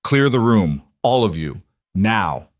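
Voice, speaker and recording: A man's voice: fairly low pitch, sing-song, slow pace, no echo, studio quality. A man reading a storybook aloud, voicing a stern, protective king who speaks in a hard, commanding way.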